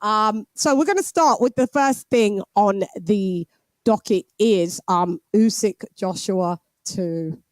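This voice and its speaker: A woman's voice: mid-range voice, slow, dry recording. A British woman in her forties hosting a boxing live stream, chatting casually and laughing while reading out viewer messages. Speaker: boxing show host.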